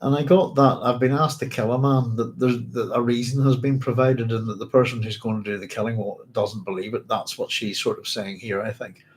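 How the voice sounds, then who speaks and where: A man's voice: mid-range voice, fairly even intonation, brisk, few pauses, poor audio. A man hosting a book club at home, reading a novel aloud and musing over it in a rambling, self-correcting way.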